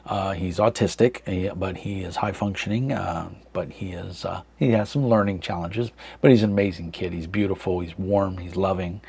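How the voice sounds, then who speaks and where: Gravelly, husky-voiced man chatting casually. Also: low voice, steady tone, moderate pace, few pauses, darkish tone. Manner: rambling, many fillers, reads chat aloud. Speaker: livestream host. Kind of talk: casual live chat. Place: dark room at home.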